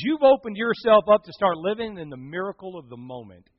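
Husky-voiced man preaching a story. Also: high-pitched, fairly quick, hardly any pauses, no room sound, dull audio. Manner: animated storyteller acting out quoted voices, swinging from hushed to loud. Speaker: pastor. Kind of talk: sermon storytelling.

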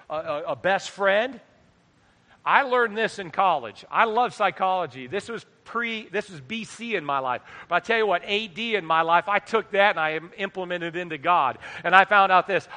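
A middle-aged man preaching a sermon into a microphone, animated, swinging between quiet asides and loud exhortation. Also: sits high. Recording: long hall reverb.

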